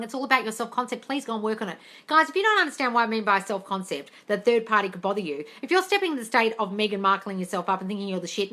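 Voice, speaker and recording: A woman's voice: on the high side, pushed and bright. Blunt, sweary woman hosting a live Q&A. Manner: blunt, sweary, reads questions aloud and scolds viewers. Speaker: host answering live chat questions. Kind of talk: casual live-stream Q&A.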